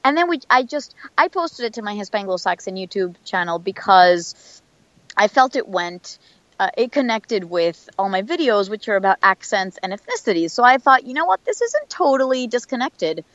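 A woman's voice: mid-range voice, animated, moderate pace, fairly bright tone, no echo, lo-fi sound. Chatty woman with a dry close voice. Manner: chatty, many fillers and restarts. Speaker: voice actor guest. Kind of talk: casual interview chat.

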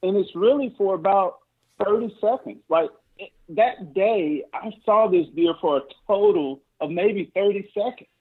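Homme husky sur une ligne téléphonique grésillante. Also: male voice, unhurried. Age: 40s. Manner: excited, stammering restarts, voice climbing high when emotional. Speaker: guest. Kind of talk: casual storytelling. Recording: tinny phone line.

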